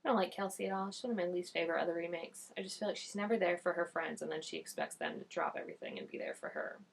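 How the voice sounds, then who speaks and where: Young woman vlogger reacting casually, husky and fry-heavy, animated chatty delivery. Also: on the low side. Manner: chatty, expressive, quick asides and quoted voices.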